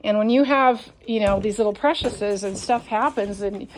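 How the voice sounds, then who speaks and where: A woman's voice: mid-range voice, normal speed, slight background noise. A woman dog breeder, ranting and swearing in a casual vlog as she walks around her deck. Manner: frustrated, swears constantly, ranting. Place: outdoors on a home deck.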